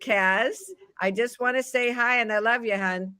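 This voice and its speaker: A woman's voice: a little high, fairly even intonation, normal speed, clear, resonant tone, poor audio. Affectionate woman hosting a livestream. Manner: warm, calls guests "honey", gets teary. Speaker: host.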